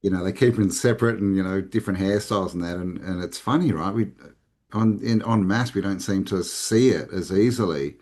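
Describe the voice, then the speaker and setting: An Australian man, a podcast guest, talking casually in a relaxed, rambling way with many restarts. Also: deep voice, brisk. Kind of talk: casual conversation.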